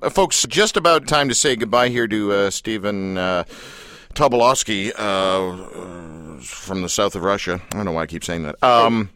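A man's voice: lowish voice, moderate pace, a bit bright, no room sound. A male radio host chatting casually with a guest, playful and joking. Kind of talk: casual interview chat.

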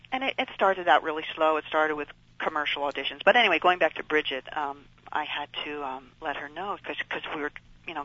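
A woman's voice: low-pitched, a bit bright, no room sound, dull audio. A middle-aged woman, a guest and the mother of child actors, telling her story in an earnest, rambling way with many fillers. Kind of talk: storytelling in conversation.

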